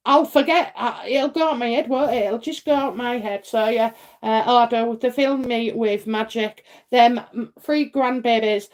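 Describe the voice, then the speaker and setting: Middle-aged British woman, psychic live-streamer, slightly high voice, rambling and chatty, quick to laugh. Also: a little mellow. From United Kingdom. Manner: chatty and rambling, many fillers and tag questions; laughs often. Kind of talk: casual live-stream reading.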